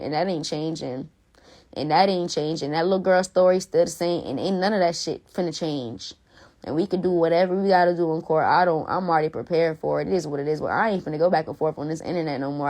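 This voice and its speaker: A woman's voice: deep voice, darkish tone. A woman ranting on a phone live stream, blunt and profane, repeating herself for emphasis. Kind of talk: heated casual rant.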